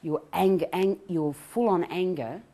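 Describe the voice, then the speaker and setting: A middle-aged woman giving an animated self-help talk on anxiety recovery. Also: lowish voice, measured pace. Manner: animated, acts out quoted voices, laughs often.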